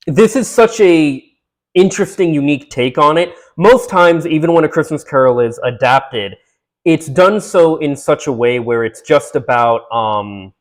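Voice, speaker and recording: A man casually recapping a film, rambling with fillers and restarts, and briefly acting out the characters' lines. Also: medium pitch. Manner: acts out characters' lines in quick voices. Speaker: movie recap host.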